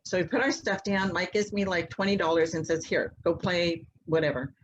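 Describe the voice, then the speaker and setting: A woman guest telling a long personal story in a casual, animated way, acting out the voices of people in it. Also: on the low side, moderate pace, dull audio, slight background noise. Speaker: interview guest, mother.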